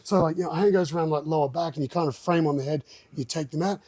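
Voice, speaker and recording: A man telling a story as a podcast guest, animated and acting out other people's lines. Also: on the high side, fast talker, dry recording. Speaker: guest, martial arts gym owner. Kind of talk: casual storytelling in a podcast chat.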